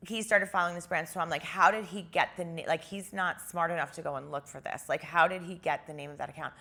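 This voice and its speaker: A woman with a deep voice and a gravelly, vocal-fry edge, talking as a guest in a casual interview. She retells events in an animated way and fills her sentences with "like.". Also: fast talker. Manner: animated retelling, heavy use of "like".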